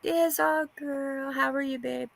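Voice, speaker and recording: A woman hosting a casual gossip panel chat, animated and squeamish, often exclaiming in disgust. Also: sits high, takes it slowly, creaky, no echo, low-quality recording. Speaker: panel host.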